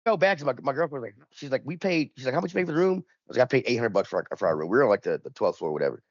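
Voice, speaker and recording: A man's voice: mid-range voice, animated, rapid-fire, no echo. A man on a podcast telling a rambling, profane story, full of restarts, acting out both sides of the argument. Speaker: podcast co-host. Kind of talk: casual storytelling chat. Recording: dull lo-fi dry recording.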